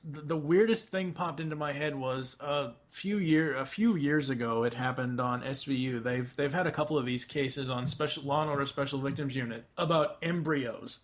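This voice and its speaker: A man co-hosting a podcast in casual chat, relaxed and hesitant, with many filler words. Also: a little high. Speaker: podcast co-host.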